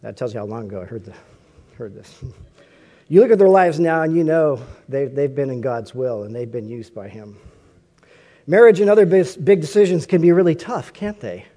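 Mellow-voiced man preaching a sermon. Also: a little high, animated, normal speed. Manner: conversational, asks rhetorical questions.

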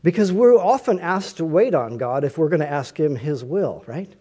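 A man's voice: on the high side, expressive, normal speed, warm tone, breathy edge. A man preaching a conversational sermon, often asking his listeners rhetorical questions.

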